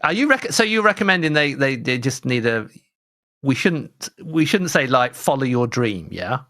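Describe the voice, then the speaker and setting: A man's voice: fairly high pitch, animated, normal speed, bright, forceful tone, no echo, clean studio sound. A man with a Leicester accent co-hosting a comedy show, teasing and playful, often restarting his sentences. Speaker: co-host. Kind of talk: comedic banter.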